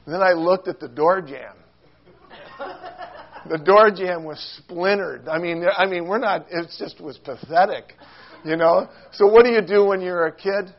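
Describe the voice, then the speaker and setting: A man preaching a sermon, telling a funny childhood story in an animated, self-mocking way and acting out quotes with squeals and shouts. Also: a little high, moderate pace, dull audio.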